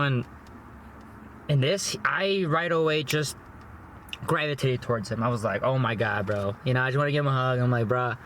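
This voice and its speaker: A young man talks casually from his parked car, his voice a little on the high side. He rambles, often repeats himself and keeps throwing in "you know" and "bro." A faint hum of noise sits behind him. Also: a bit bright. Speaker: food vlogger and movie reviewer. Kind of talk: casual chat while eating.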